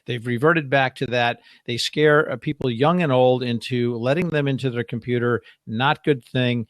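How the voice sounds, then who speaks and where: A man's voice: medium pitch, normal speed, a bit bright, no room sound. A man hosting a live-streamed show, chatting casually in a rambling, joking way. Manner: rambling, jokey, trails off and restarts. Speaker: show host.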